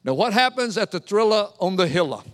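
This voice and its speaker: A man preaching a sermon, retelling scripture as a lively, joking story and acting out the scenes. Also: high voice, fairly quick. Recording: long hall reverb.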